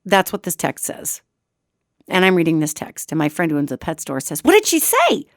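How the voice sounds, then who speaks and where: A woman's voice: low voice, brisk, no echo, clean studio sound. A woman radio host telling a casual, chatty personal story and talking straight to her listeners. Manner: animated and chatty, addresses listeners as gang.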